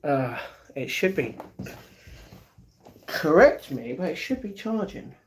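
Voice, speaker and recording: High-voiced British man chatting on stream. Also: big pitch swings, slow pace. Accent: British English. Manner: chatty, greets chat viewers by name; playful, breaks into improvised rap. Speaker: live stream host. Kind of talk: casual live-stream chat.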